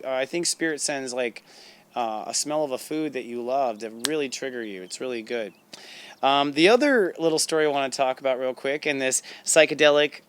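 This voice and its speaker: A man hosting a spiritual talk show, telling stories in a chatty, animated way, acting out quotes and laughing often. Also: fairly high pitch, clean tone. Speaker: podcast host. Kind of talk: casual storytelling monologue.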